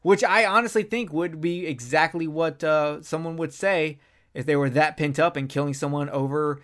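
A podcast co-host in a casual film review chat, talking in an animated, profane and rambling way. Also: mid-range voice, normal speed.

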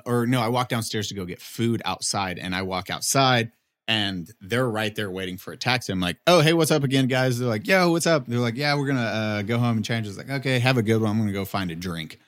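A man in his thirties telling a story in casual chat, animated, acting out quotes in a raised voice, swearing and laughing often. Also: lowish voice. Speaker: podcast co-host telling a story.

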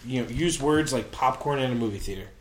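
A man's voice: medium pitch, quick pace, slight background noise. A man co-hosting a podcast, chatting casually and playfully, swearing freely and acting mock-indignant. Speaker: podcast co-host. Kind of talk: casual chat.

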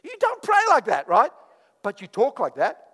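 A man preaching a sermon as pastor, swinging from quiet asides to loud, animated bursts and mock prayers. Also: very high voice, moderate pace, slightly rough, big-room sound.

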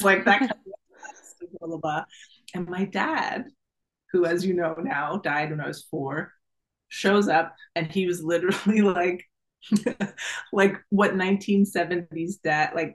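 A middle-aged woman, a guest in an interview, telling a personal story in a lively, casual way, laughing often and acting out the voices of the people in her story. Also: fairly low pitch, rough recording. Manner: animated, laughs often, acts out quoted voices.

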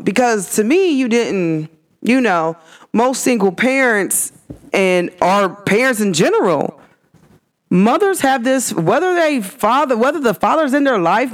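Woman, casual podcast host, lively venting monologue. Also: medium pitch. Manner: animated, venting, retelling arguments with quoted back-and-forth.

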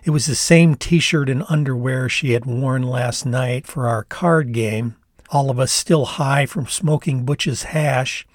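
An older man from the United States reading his memoir aloud in a measured, reflective storytelling manner. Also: mid-range voice, no room sound, clean studio sound. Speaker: author and narrator. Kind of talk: memoir narration read aloud.

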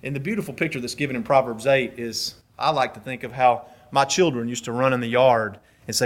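A man preaching a sermon in an animated way, swinging between soft and loud and briefly acting out voices. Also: medium pitch, fast. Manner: acts out voices in brief quotes.

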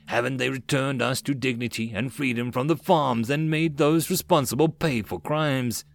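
A man's voice: mid-range voice, normal speed, creaky, natural voice. A man voicing an earnest, loyal male ex-slave who argues insistently.

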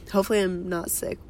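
A woman's voice: medium pitch, a little mellow, a little hiss or hum. A woman in her early twenties co-hosting a podcast, chatting casually and telling rambling stories while fighting off a cold. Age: 20s. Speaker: podcast co-host. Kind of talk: casual chat.

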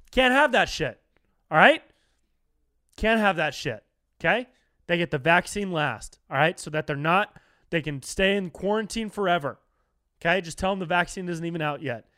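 A young man with a highish voice hosts a solo podcast, delivering a loose, profane, comic rant packed with slang and constant use of "dude" and "bro." He sounds animated, and the recording is dry and clean studio quality.

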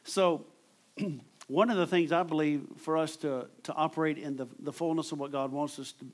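Conversational male preacher, slightly high voice. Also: fairly even intonation, moderate pace. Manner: conversational, repeats words when stressing a point. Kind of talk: sermon.

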